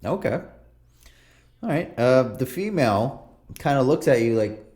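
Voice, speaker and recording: A man narrating as game master in a tabletop game, relaxed and rambling with plenty of fillers. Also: medium pitch, a little slow.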